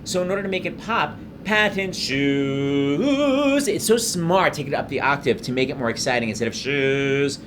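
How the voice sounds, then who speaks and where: A man hosting a commentary on a musical, effusive and excitable, rambling with fillers as he explains what he loves. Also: on the high side, fast talker, hardly any pauses, background noise. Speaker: show host explaining a musical. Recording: voice-over over loud show music. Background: loud cast recording and orchestra.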